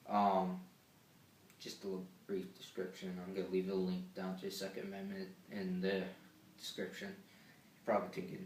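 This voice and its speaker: A man's voice: low voice, little pitch movement, normal speed, a little mellow, far from the mic, slight background noise. A teenage boy telling a rambling, swear-filled story from school as a casual vlog, with many fillers. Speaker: vlogger. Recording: echoey room, off-mic.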